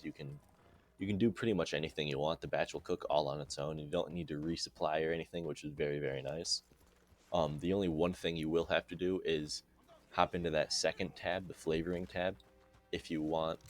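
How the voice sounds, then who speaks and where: A young man narrating a casual gameplay tutorial in a relaxed, chatty way with dry sarcastic asides. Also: a bass voice. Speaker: game guide narrator.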